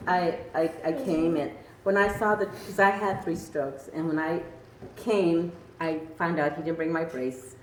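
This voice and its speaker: A woman's voice: on the low side, steady tone, measured pace. An older woman from Arizona giving an emotional personal testimony, earnest and tearful, laughing between lines. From Arizona, USA. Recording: roomy echo from a distant mic, faint noise.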